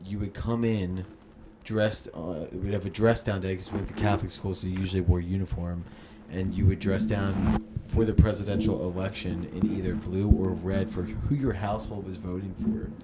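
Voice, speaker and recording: Podcast co-host from South Jersey: a casual, swearing man with a lowish voice, over a clearly noisy background. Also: flat delivery, moderate pace, hardly any pauses. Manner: loose, profane, storytelling. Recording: noticeable background noise.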